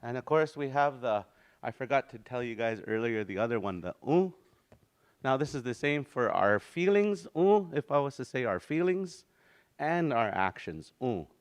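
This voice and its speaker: A man teaching a language lesson in a relaxed, easygoing way, slowly repeating words for practice and often restarting his sentences. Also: medium pitch, smooth. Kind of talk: informal spoken language lesson.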